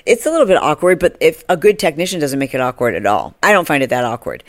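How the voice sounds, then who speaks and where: Low-voiced woman telling a story, laughing. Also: fast, dry recording, studio quality. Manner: animated, laughing, acts out quoted people in high voices. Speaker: podcast host. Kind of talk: casual storytelling monologue.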